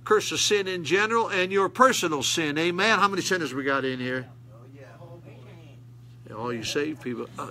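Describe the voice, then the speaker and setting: Older pastor preaching with fervor. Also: male voice, a little high, bright, forceful tone. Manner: folksy, rising to emphatic preaching. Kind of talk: sermon.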